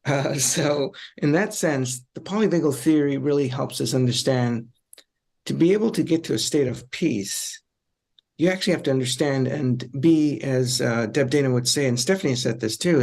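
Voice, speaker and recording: A man's voice: medium pitch, normal speed, vocal fry, darkish tone. A middle-aged man, a psychologist on a discussion panel, explaining in a reflective, conversational way with frequent ums and repeated phrases.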